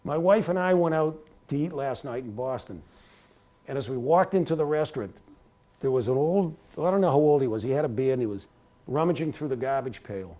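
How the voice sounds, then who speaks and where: A middle-aged man giving an animated talk at a university, telling career stories and sometimes breaking into a sportscaster's cadence. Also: mid-range voice, a little fast. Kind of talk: motivational talk with anecdotes. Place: lecture hall at a university.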